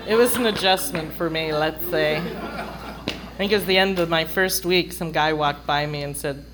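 A woman's voice: sits low, normal speed, very noisy. Wry storyteller woman. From London. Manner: wry, chatty, acts out quoted voices. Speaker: speaker sharing a recovery story. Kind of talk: humorous personal storytelling.

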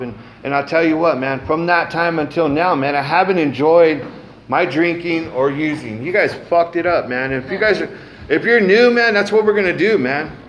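A man's voice: a little high, a little hiss or hum. Casual man sharing his recovery story. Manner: casual, frequent "man" and "um", cusses freely. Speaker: recovery meeting speaker. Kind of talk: personal testimony.

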